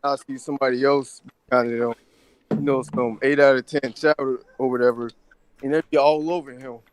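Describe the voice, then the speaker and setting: A man on a call-in to a live show, speaking in a plain, halting way. His voice sits at an ordinary middle pitch, and a faint background noise runs under it. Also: steady tone. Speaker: caller. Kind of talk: casual call-in chat.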